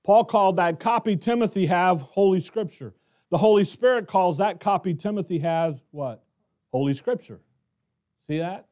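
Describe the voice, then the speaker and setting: Warm-toned preacher man, quizzing his flock. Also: high-pitched, moderate pace. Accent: American. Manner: conversational, asks the congregation questions. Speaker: pastor. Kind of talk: expository Bible teaching.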